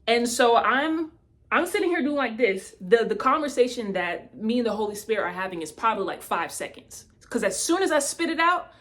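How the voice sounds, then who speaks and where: A woman telling a personal testimony in a casual, animated way, speaking straight to her listeners. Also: fairly high pitch, brisk.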